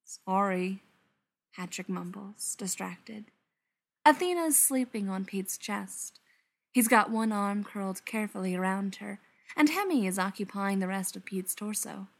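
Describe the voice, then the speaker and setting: A woman narrating a story in an expressive, animated reading voice. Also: medium pitch, unhurried, gravelly.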